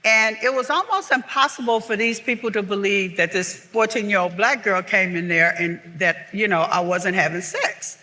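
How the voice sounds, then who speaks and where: A woman's voice: medium pitch, normal speed, few pauses, bright, forceful tone. An older woman telling personal stories candidly as a guest on a live theater stage, with earnest restarts. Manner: earnest, heartfelt, with frequent restarts. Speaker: guest author. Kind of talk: candid storytelling conversation. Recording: reverberant live theater sound.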